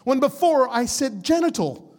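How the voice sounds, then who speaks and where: A young adult man pastor preaching an Easter sermon, swinging from hushed storytelling to shouted, sing-song preaching, with casual slang like "man" and "like". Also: extremely high pitch, big pitch swings, normal speed.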